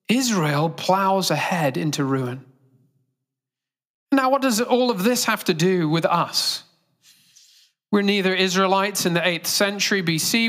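A man's voice: sits high, a bit bright. A male pastor delivering a sermon earnestly, engaging the congregation with direct questions.

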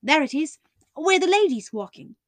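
A chatty country coach driver, put on by a woman reader talks quick and eager in broad rustic speech. The voice is pitched high and the storybook recording is dry. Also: big pitch swings, no echo.

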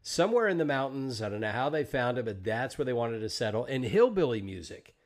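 A man's voice: mid-range voice, very animated, a little fast. A man from the Southern United States hosting a live-streamed podcast interview, chatting casually and joking with viewers. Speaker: podcast host.

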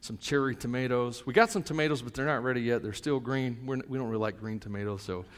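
A middle-aged male pastor preaching a sermon, moving between soft, reflective asides and loud, fervent stretches. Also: mid-range voice, fast talker, in a large hall.

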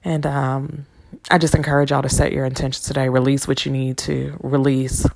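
A woman with a low, gravelly voice talks straight into her podcast mic. She rambles in a loose, casual way, swearing freely while urging her listeners on. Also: flat delivery, normal speed, darkish tone, a little hiss or hum. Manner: rambling, profane and encouraging. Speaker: podcast host. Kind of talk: casual motivational monologue. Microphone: podcast microphone.

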